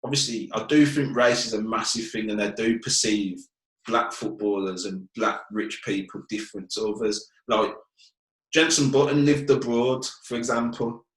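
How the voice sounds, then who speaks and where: An earnest, frank man from Birmingham, England, speaks in a lowish, steady voice at a normal pace, his Brummie accent carrying in an echoey room. He's a fitness business owner appearing as a guest in a casual conversational interview, and he keeps asking "do you get what I mean."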